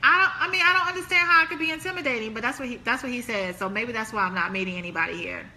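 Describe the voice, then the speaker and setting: A woman's voice: on the high side, rapid-fire, pushed and bright, slight background noise. A woman hosting a live relationship stream, chatting casually and laughing as she reads viewer comments aloud.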